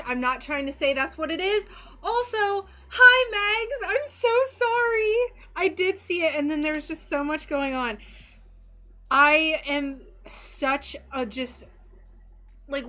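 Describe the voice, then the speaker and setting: In a slightly high, bright, forceful voice, a young stained glass streamer talks to her chat while she works. She's casual, bubbly, and gushing.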